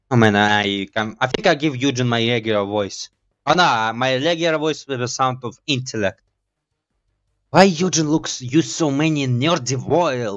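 Excitable man, slightly dull mic. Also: medium pitch. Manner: excitable, jokey, laughs at himself. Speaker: gaming YouTuber. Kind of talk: casual let's-play commentary.

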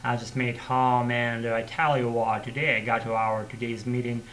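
A man with a Russian accent rambles in English in a casual vlog, talking at a mid pitch. His phrasing is halting and non-native, full of fillers and false starts. A faint hum sits under the voice. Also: completely flat delivery, a bit bright, poor audio. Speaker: vlogger practicing English.

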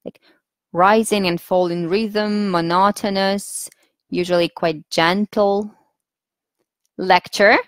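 A woman with a Russian accent leading a webinar lesson for teachers, patient and instructive, pausing often with fillers as she thinks. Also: mid-range voice, fairly even intonation, dry recording. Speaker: teacher trainer.

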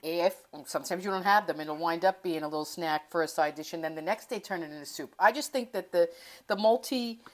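A woman's voice: fairly low pitch, fairly quick. A middle-aged woman hosting a cooking channel, chatting casually and rambling from her home kitchen. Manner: chatty, rambling, self-interrupting.

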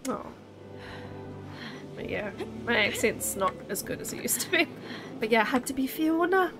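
A woman's voice: high-pitched, very animated, moderate pace, over music. A woman streaming a video game, chatting casually and animatedly with a questioning lilt.

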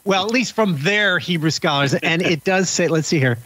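A man's voice: high-pitched, moderate pace, fairly bright tone, slight background noise, rough recording. A man thinking aloud as a panelist in a casual roundtable discussion over a video call. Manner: thinks aloud, self-correcting.

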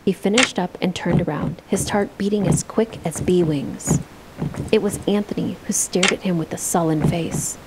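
A woman as a calm ghost-story teller, lowish voice, even measured reading, loud noise behind. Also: close to an everyday voice. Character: calm woman telling campfire ghost stories. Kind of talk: scripted storytelling in a game.

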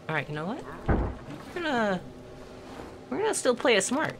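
A woman's voice: fairly high pitch, big pitch swings, measured pace, long pauses, fairly bright tone, slight background noise. A woman playing a horror game and commenting as she goes, tense and swearing, talking to herself and to the game. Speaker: let's play gamer.

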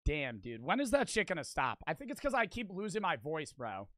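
A man in his twenties doing excitable, slangy live-stream gameplay commentary and yelling at the game. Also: a little high, fairly quick, no echo. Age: 20s. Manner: excitable, yells at the game, loose slangy chatter.

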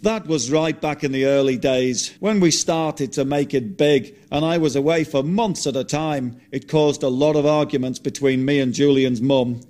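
A man voicing a resurrected rock star, dry and wry, in a lower voice than his own. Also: normal speed, few pauses, a little mellow, natural voice. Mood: wistful.

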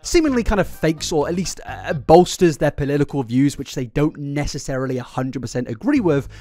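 Animated British man with lively pitch. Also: a little fast. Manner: animated, sarcastic, stammers and repeats words. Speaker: commentary YouTuber. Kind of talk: reaction commentary.

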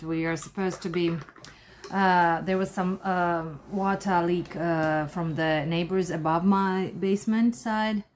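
A woman's voice: mid-range voice, slight background noise. Chatty woman crochet vlogger. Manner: chatty, rambling, many fillers and restarts. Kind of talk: casual chat. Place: home.

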